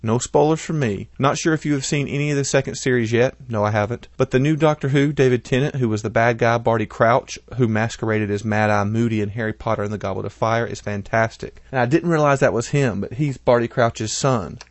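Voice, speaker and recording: A man's voice: mid-range voice, brisk, hardly any pauses, no echo. A man co-hosting a podcast, reading listener feedback in casual chat and joking often. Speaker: podcast co-host.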